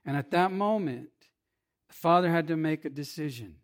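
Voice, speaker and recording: A man preaching a sermon, swinging between emphatic loud lines and hushed, quiet passages. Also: fairly high pitch, expressive, moderate pace. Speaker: pastor.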